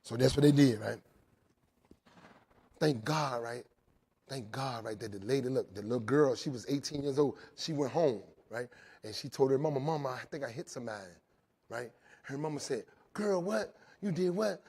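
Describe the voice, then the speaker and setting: A man telling his recovery story to a live audience in a jail, animated, swinging between loud and quiet and often checking in with "right?". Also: mid-range voice, moderate pace, pauses often, husky. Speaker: recovery speaker. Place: jail, indoors.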